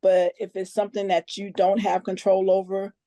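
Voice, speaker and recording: Earnest woman, mellow mid-range voice, dry close sound. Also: mid-range voice, completely flat delivery, moderate pace, dry recording. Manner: earnest, a little nervous, plain-spoken. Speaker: guest team member sharing her story. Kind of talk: casual testimonial on a conference call.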